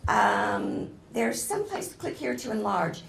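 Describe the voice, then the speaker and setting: A woman guest lecturer giving a lively, chatty classroom talk, turning to the audience often. Her mid-pitched voice has a gravelly edge. She is recorded from a distance in a roomy, echoing hall, with a faint hum of ambience behind her. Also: measured pace. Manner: enthusiastic, digressive, addresses audience directly. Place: lecture room. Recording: echoey room recording from a distance.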